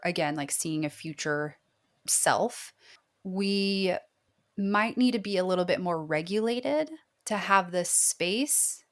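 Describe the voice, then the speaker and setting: Low-voiced woman therapist, earnest. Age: 30s. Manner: earnest, reflective, heavy use of "like". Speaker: therapist guest. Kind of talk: podcast interview.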